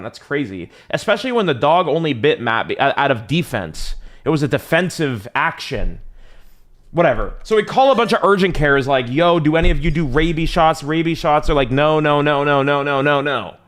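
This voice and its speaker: Young man, streamer, casual storytelling, profane, rambling, slangy, lively swooping pitch. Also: a little fast. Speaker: livestreamer.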